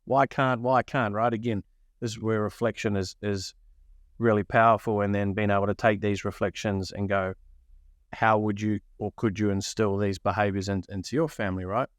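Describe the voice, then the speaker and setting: Middle-aged male podcast host from New Zealand, low clean voice, animated storyteller, dry close mic. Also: normal speed, no room sound. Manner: animated, acts out quoted voices. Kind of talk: casual storytelling.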